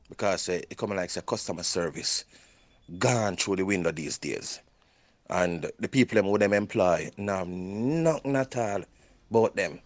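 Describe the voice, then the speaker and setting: A man complaining in a phone voice note, telling it with lively patois phrasing. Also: low voice. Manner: animated storytelling, patois phrasing. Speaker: caller via voice note.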